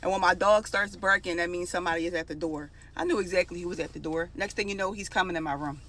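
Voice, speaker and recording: A woman's voice: fairly low pitch, fast talker, a bit bright. A young adult woman telling a personal story in a casual, emotional, conversational way.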